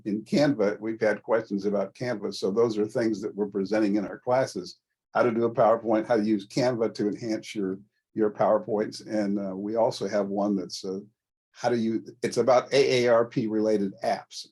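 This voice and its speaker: A man's voice: on the low side, mellow, slightly rough. A man talking casually in an online meeting as a volunteer presenter, rambling with frequent restarts. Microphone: video call.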